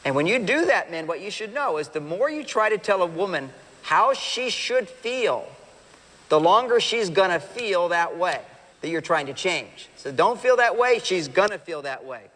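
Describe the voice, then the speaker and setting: A man giving a lively live seminar talk, speaking straight to the audience and acting out what partners say. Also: sits high, moderate pace. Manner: animated, acts out quoted partners and addresses the audience directly. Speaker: relationship speaker. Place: large hall with a live audience. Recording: long hall reverb.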